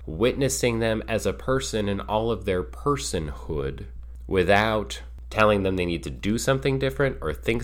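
A man who works as a child play therapist, speaking in a calm, measured, thoughtful way. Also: deep voice. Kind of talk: reflective solo talk.

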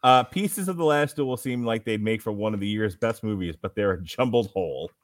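A man's voice: on the low side, brisk, no echo, studio quality. A man hosting a casual movie review podcast, reading out critic quotes and laughing often. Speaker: podcast host.

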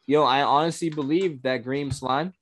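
A man's voice: medium pitch, fairly even intonation, normal speed, fairly bright tone. A man co-hosting a casual review show, laid-back, swearing now and then and quoting people. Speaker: podcast co-host.

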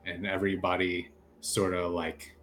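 A man's voice: sits low, monotone, normal speed, fairly bright tone, soft background music. A man narrating as game master, loose and laughing, with many fillers.

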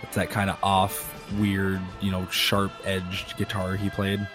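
A man's voice: sits low, completely flat delivery, unhurried, over music. A man from Minnesota co-hosting a podcast, chatting casually and knowledgeably. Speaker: podcast co-host. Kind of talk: casual chat.

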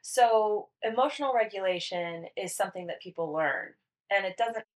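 A woman co-host talks about preschoolers in a quick, chatty way and often cuts in with her own points. She sits a little back from the mic, so her voice sounds slightly distant. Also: medium pitch. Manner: quick, interjecting. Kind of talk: casual chat.

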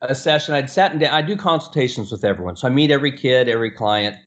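A middle-aged man and portrait photographer telling a story in an animated way, acting out the other people's lines and laughing often. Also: medium pitch, fast. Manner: acts out quoted voices and laughs often. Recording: dull lo-fi sound.

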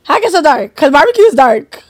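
A woman's voice: high-pitched, sing-song, quick pace, no echo, clean studio sound. A young woman co-hosting a podcast, chatting casually in a blunt, joking way with heavy slang. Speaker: podcast co-host. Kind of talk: casual chat.

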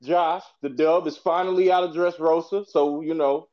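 A man co-hosting a podcast, chatting casually about anime in a slangy, excitable, rambling way. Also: a little high, moderate pace. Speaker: podcast co-host. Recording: dull lo-fi recording.

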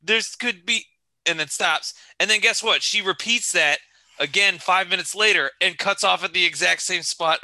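Exasperated co-host with a very bright voice. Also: female voice, lowish voice, dry recording. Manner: exasperated, profane complaining. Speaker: podcast co-host. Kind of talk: casual film discussion.

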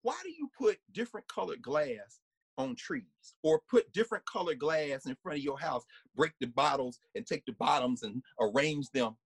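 A man giving a conversational lecture, animated and laughing often, sometimes singing snippets and acting out voices. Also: a little high, moderate pace, gravelly, breathy edge, no room sound.

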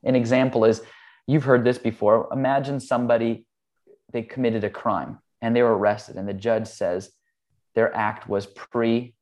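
A man's voice: mid-range voice, normal speed. A man who teaches meditation, speaking earnestly and casually as he explains ideas and tells a personal story, with the odd "um" and "like". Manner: earnest, relaxed, with "like" and "um". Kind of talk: conversational storytelling.

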